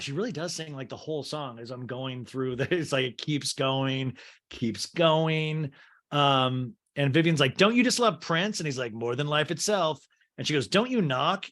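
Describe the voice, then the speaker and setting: A man's voice: a little high, a bit bright. A man from Kansas hosting a comedy podcast. He rambles through a movie recap and acts out the characters' lines as he goes. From Kansas, USA. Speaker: podcast host.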